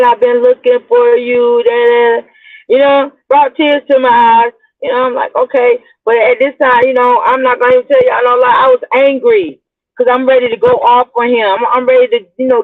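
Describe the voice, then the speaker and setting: A middle-aged woman hosting her own show, telling a personal story in a rambling, chatty way and talking straight to her listeners. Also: on the high side. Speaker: blogger host. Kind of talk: casual storytelling to viewers. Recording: tinny phone-like audio.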